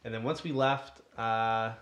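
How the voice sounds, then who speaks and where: A man's voice: on the low side, measured pace, a bit bright, muffled recording. A young man co-hosting a casual podcast, telling a story in a rambling, hesitant way. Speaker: podcast co-host.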